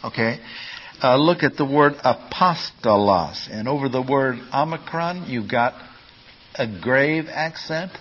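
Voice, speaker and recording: A man's voice: medium pitch, animated, unhurried, a bit bright, muffled recording. A man teaching a class on Bible Greek, explaining patiently step by step and putting questions to his listeners. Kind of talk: classroom lecture.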